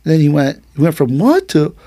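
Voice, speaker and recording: A man who teaches aikido and hosts a martial arts podcast speaks at a moderate pace in a medium-pitched voice. He's an animated storyteller, performing the quotes in his tale as he chats casually, and the sound is clean studio audio without room sound.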